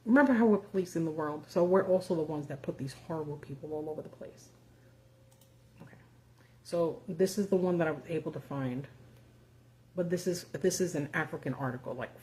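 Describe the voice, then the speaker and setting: A woman's voice: fairly low pitch, normal speed, pauses often, a little mellow. A woman hosting a live video, talking casually and sarcastically with lots of fillers and the odd swear word. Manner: casual and profane, sarcastic asides, many fillers. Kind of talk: casual live-stream commentary.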